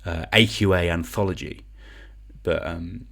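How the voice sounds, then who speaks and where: A man's voice: low voice, steady tone, a little slow, vocal fry, fairly bright tone. A young man from England hosting an online quiz, chatting casually and rambling as he reads out comments. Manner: chatty, rambling, self-deprecating, sings song clues in gibberish syllables.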